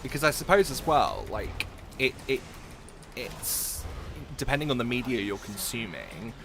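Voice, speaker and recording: A man's voice: mid-range voice, big pitch swings, unhurried, vocal fry, noisy background. A young British man from England, live-streaming a game and chatting jokily with his viewers. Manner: chatty, jokey, reads and answers chat. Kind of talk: casual live-stream chat while gaming.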